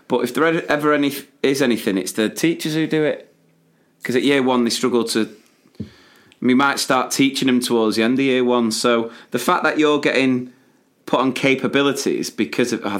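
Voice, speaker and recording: A man's voice: medium pitch, fairly bright tone. A man co-hosting a casual podcast, chatting animatedly, venting and laughing often. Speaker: podcast co-host, primary teacher.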